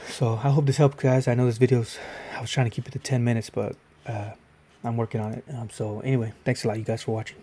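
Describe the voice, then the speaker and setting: A man's voice: medium pitch, level tone, quick pace, mellow, slightly rough. A man giving a casual Bible devotional video, reading scripture aloud and then explaining it in a conversational way.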